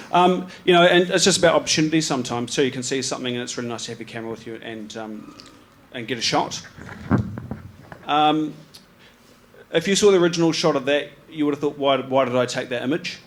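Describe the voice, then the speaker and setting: A man's voice: mid-range voice, brisk, slight background noise. Laid-back New Zealand man presenting photos. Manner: rambling and laid-back, many ums and restarts, slangy. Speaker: photographer giving a talk about his slides. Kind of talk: casual live presentation. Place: live event venue with an audience.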